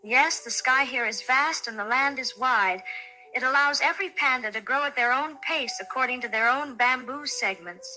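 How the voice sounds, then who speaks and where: A woman voicing a gentle, caring panda mother in a bedtime story, speaking softly and steadily. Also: high-pitched, moderate pace, faint music behind, rough recording. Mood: tender.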